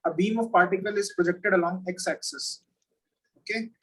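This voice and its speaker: A male physics teacher giving an oral exam over a video call. He is patient and repeats his questions slowly. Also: high-pitched, steady tone, fairly bright tone, a little hiss or hum, rough recording.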